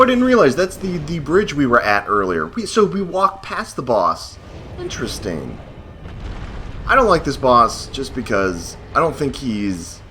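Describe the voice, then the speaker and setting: A man's voice: mid-range voice, pushed and bright, a little hiss or hum. A man commenting casually as he plays a hard video game, rambling, cursing and mocking himself. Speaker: gameplay host. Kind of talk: let's play commentary.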